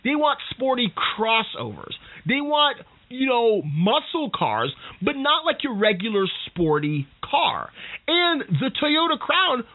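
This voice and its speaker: A podcast host rants in a lively, sing-song voice that swoops up and down, sounding exasperated and often stumbling over words. The recording is tinny and phone-like. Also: mid-range voice, slow. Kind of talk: casual solo rant.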